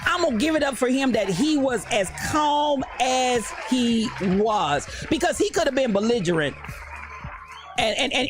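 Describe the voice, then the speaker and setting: A woman hosting a livestream, ranting about church folk in a fired-up, preachy way, repeating her phrases. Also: fairly high pitch. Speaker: host. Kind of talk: livestream commentary rant.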